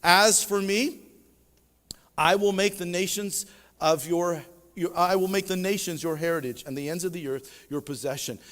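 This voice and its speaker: A male pastor preaching a sermon, with emphatic swells and sudden quiet drops. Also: high voice, normal speed, in a large hall. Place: church sanctuary.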